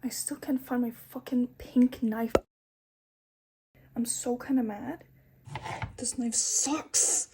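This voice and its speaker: A woman's voice: on the high side, fairly even intonation, takes it slowly, long pauses, background noise. A young woman vlogging herself cooking at home, chaotic and swearing as she talks to her phone camera. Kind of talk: casual cooking vlog. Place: home kitchen.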